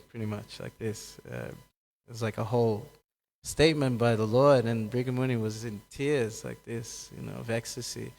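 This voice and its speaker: A man giving a casual scripture class, telling stories and acting out the characters' lines, laughing and correcting himself along the way. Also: creaky. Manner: acts out quoted characters with raised pitch, laughs often, corrects himself. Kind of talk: casual scripture talk with storytelling. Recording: long hall reverb.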